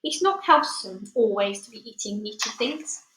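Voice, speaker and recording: A woman's voice: mid-range voice, expressive, normal speed, fairly bright tone, slight background noise, lightly acted. A woman reading aloud and voicing a kind, nervous male giant who talks eagerly in jumbled made-up words. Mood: coaxing. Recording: echoey room.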